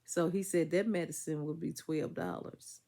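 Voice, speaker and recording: A woman's voice: low-pitched, steady tone, moderate pace, noisy background. A woman vlogger chatting to her viewers, telling a story in an emphatic, chatty, vernacular way while getting over an illness. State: congested, recovering from illness.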